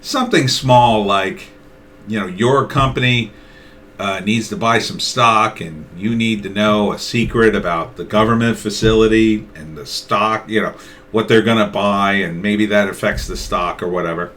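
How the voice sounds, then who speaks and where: A man's voice: fairly low pitch, normal speed, slight background noise. A middle-aged man giving a casual political opinion monologue, acting out both sides of imagined conversations. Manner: acts out both sides of imagined dialogues, animated. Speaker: political commentator.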